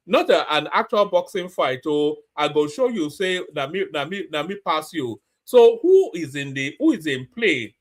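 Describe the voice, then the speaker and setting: A man's voice: fairly high pitch, a bit bright. A man hosting a news commentary show, talking in a mocking, casual way with many fillers and restarts. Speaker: commentary channel host.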